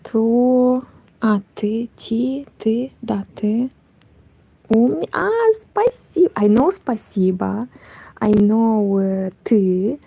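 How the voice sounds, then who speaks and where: A young woman chatting casually in a hushed, partly whispered voice while she crochets, rambling and correcting herself as she goes. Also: on the high side, slow pace, gravelly, husky, dry recording. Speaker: crochet vlogger.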